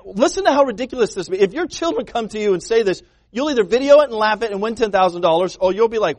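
High-voiced emphatic male preacher. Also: animated, fast, darkish tone, no echo. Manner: emphatic preaching, acts out quoted voices, repeats words. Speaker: pastor. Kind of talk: sermon.

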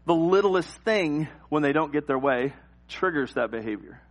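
Middle-aged man, pastor delivering a sermon, lively acted-out anecdotes, a touch higher-pitched voice. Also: normal speed. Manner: animated storytelling, acts out scenes and cries. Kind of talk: sermon with personal stories.

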